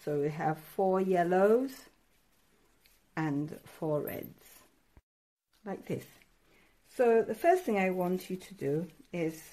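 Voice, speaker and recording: Low-pitched woman teaching kids a craft, slow and hesitant, lots of ums, gets excited. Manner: encouraging, hesitant with many fillers; addresses children directly, excitable. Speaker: art teacher. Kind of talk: step-by-step craft lesson.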